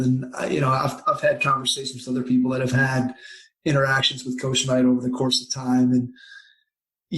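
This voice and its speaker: A man's voice: mid-range voice, rough recording. A man hosting a podcast, asking long rambling reflective questions. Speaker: podcast host. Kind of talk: casual interview talk.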